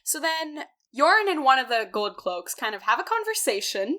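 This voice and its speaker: A woman's voice: sits high, very animated, moderate pace, pushed and bright. A woman co-hosting a podcast, casually recapping a book, laughing often and acting out characters in playful voices. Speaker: podcast co-host. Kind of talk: casual book discussion chat.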